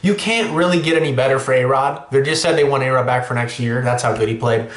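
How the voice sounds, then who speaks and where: A man hosting a sports podcast, ranting excitably and cursing freely. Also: mid-range voice, quick pace, roomy sound. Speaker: podcast host.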